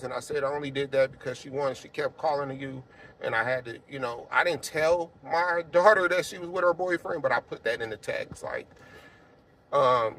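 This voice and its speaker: A man in his forties tells a personal testimony in a relaxed, rambling way, with a fairly high voice for a man. He shifts from low, subdued stretches to loud, emphatic ones. A faint hum of traffic sits behind him. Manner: conversational, many fillers, swings from quiet to emphatic. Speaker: apostle sharing a personal testimony. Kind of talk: casual spoken testimony.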